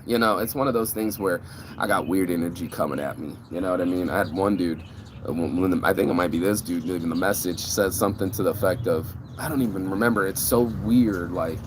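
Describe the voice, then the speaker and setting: Rambling, profane man with a lowish voice. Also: a little hiss or hum. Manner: rambling, profane, frequent fillers and restarts. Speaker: vlogger. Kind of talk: casual rant to camera.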